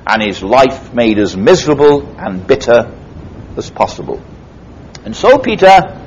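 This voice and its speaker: A man's voice: a little hiss or hum, rough recording. A man preaching a sermon, retelling a parable emphatically and dramatically. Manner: emphatic, dramatic retelling with sweeping pitch swings. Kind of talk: expository sermon.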